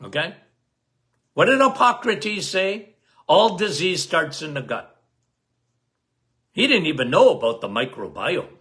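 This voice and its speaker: A man hosting a health podcast in a casual talk, loud and emphatic, repeating key phrases and calling listeners guys. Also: big pitch swings, measured pace, pauses often. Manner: loud, emphatic, cannot lower his volume.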